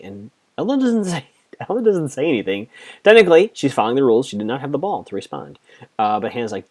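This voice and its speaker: A man's voice: lowish voice, big pitch swings, brisk. A man hosting a podcast, casually recapping a TV episode in a chatty, reactive way, quoting characters as he goes. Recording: muffled lo-fi audio.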